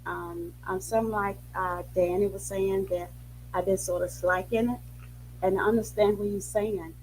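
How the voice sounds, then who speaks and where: Soft-spoken hesitant woman. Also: mid-range voice, steady tone, a little slow, a little hiss or hum, rough recording. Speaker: caller giving a testimony. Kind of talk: testimony on a call.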